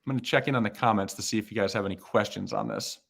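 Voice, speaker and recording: A man's voice: on the low side, very fast, vocal fry, fairly bright tone. A man who is a hiring manager giving live-streamed career advice in a casual way, with lots of fillers and repeated words.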